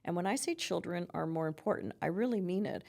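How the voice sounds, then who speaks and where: A woman's voice: on the low side, animated, fast talker, gravelly, darkish tone. A middle-aged woman, a psychotherapist giving earnest advice in a conversational podcast interview, peppering her talk with "you know" and "right?". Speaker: psychotherapist guest.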